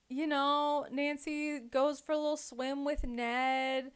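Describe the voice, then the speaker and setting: Woman, higher voice, casual podcast host, rambling animated recap. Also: slow, few pauses. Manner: animated retelling with lots of "like" and "um". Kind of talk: casual book club chat.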